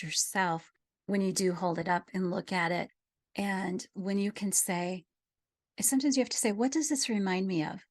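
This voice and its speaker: A middle-aged woman gently telling a personal story in a reflective conversation, dropping at times to a near whisper. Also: medium pitch, normal speed. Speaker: guest sharing a personal story.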